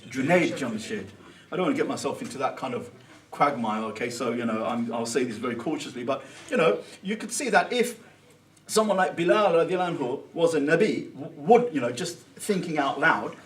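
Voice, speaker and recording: A man gives an informal Sunday talk at an Islamic centre, thinking out loud in a conversational way and mixing in Arabic phrases. His voice sits a little high and is picked up from some distance away from the mic. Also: expressive, moderate pace. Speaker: Islamic teacher.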